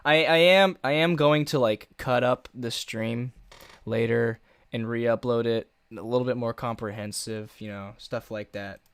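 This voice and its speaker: Male streamer, mid pitch, dry sound; shaky and halting, lots of restarts. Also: fairly bright tone, smooth, no echo. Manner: halting, many restarts and fillers. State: nervous, shaky voice. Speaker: live streamer. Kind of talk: live stream talk.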